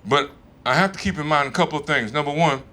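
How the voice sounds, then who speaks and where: Bright-voiced Southern man, drawling stand-up. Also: fairly high pitch, fast talker. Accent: Southern American. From American South. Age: 50s. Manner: drawling, conversational, profane. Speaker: stand-up comedian. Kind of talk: stand-up comedy set. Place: comedy stage in front of a live audience.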